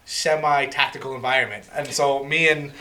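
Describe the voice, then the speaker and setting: A man's voice: medium pitch, normal speed. A man from Massachusetts, telling profane stories in a casual podcast chat and acting out what people said. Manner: animated, profane, acts out quotes. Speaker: podcast co-host.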